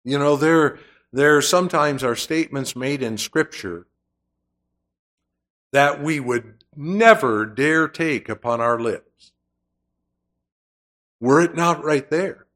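A male preacher delivering a sermon in a slow, measured way, leaning hard on key phrases and letting them rise. His voice sits a little high for a man, and he takes his time between thoughts. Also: a bit bright. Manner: slow, deliberate preaching with emphatic swells.

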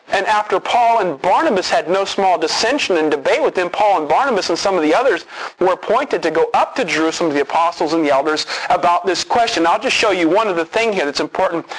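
A man's voice: high voice, fairly bright tone, low-quality recording. A man preaching an expository sermon, earnest and emphatic, repeating key words for stress.

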